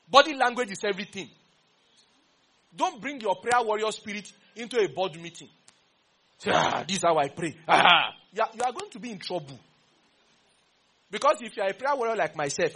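A man with a Nigerian English accent preaching a sermon, teasing and quizzing his congregation in an animated way. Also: high-pitched, breathy edge.

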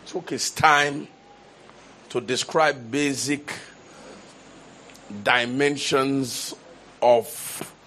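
With a mid-range, fairly bright voice, a male pastor delivers a sermon that climbs to forceful, repeated declarations, frequently starting his phrases over.

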